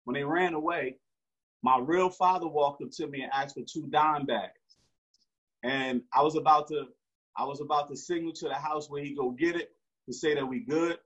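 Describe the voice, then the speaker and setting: A man's voice: a little high, normal speed, a bit bright, breathy edge. A man, telling a story in slangy street talk with frequent restarts. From Newark, New Jersey. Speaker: interview guest. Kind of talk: casual storytelling. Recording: dull lo-fi recording.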